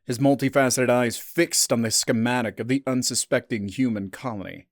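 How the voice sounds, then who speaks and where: A man narrating a science fiction story in a steady, dramatic scripted style. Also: mid-range voice, normal speed, no echo, studio quality.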